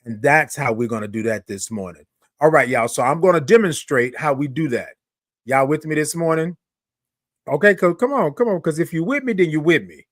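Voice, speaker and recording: Man, livestream host, chatty, slightly high voice, dry close mic. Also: animated, no room sound. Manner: chatty, greets viewers by name, drawn-out sung "good morning". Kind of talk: casual livestream talk. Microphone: microphone close to face.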